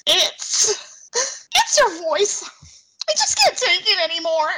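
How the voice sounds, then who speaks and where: A woman playing a high, exasperated wife. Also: wildly swooping pitch, takes it slowly, pushed and bright, exaggerated voice, low-quality recording. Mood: hesitant. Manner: emotional, pleading, tearful. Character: exasperated young wife at counseling.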